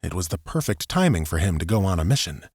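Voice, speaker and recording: A man reading a science fiction audiobook as narrator, in a steady storytelling manner. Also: deep voice, quick pace, breathy edge, no room sound, studio quality.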